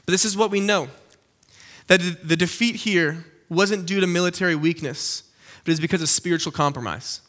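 Bright, high-voiced young male preacher. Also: brisk. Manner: animated, conversational, keeps checking in with "okay?". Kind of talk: casual teaching sermon.

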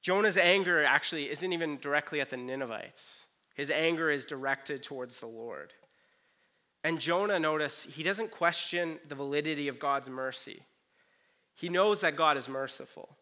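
A man preaching a conversational sermon. He retells a Bible story and acts out the characters' lines in quick asides. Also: on the high side, sharp tone. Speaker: pastor.

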